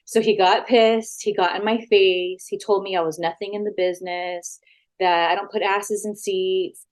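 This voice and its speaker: A woman, a former wrestler, talking frankly as an interview guest, animated and full of quoted back-and-forth, sitting at a house. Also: medium pitch, normal speed. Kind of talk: casual storytelling interview.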